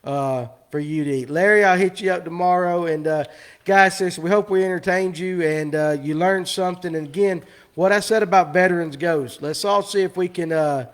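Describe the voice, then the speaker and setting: A man's voice: high-pitched, fairly quick. A man hosting a live fishing show, rambling and teasing his guests in casual chat.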